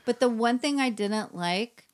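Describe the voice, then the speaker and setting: A woman's voice: on the high side, unhurried. A woman in her forties co-hosting a podcast, chatting casually in a rambling way, full of "like" and the odd swear word. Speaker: podcast co-host. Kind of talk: casual chat.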